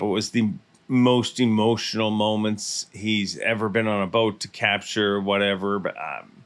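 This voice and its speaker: A man's voice: lowish voice, a bit bright. A man hosting a casual podcast chat, joking and rambling with lots of restarts. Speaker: podcast host and tournament emcee.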